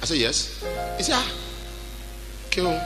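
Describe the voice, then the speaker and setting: Shouting preacher over music. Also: male voice, on the high side, big pitch swings, moderate pace. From Nigeria. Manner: exhorting, swings from shouting to quiet storytelling. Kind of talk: sermon. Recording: music behind the voice.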